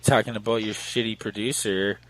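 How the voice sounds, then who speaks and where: A man's voice: fairly low pitch, steady tone, brisk, a loud crowd, rough recording. Crude, joking male podcast co-host. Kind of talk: casual podcast chat.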